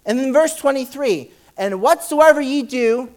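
A man with a very high voice preaches a church sermon and reads scripture aloud, talking fast and excitedly. He often repeats words as he presses on.

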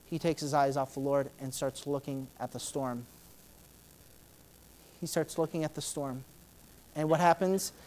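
A woman preaching a sermon in a conversational way, with many fillers, who acts out Bible scenes with sudden loud, high outbursts. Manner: dramatic, acting out Bible scenes in shifting voices.

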